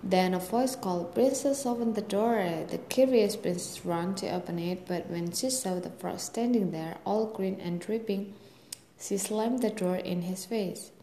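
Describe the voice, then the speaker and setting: A woman reading a fairy tale aloud in a gentle, steady storytelling manner. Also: on the low side, a little slow, slight background noise. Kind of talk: storybook read-aloud narration. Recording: echoey room with faint ambience.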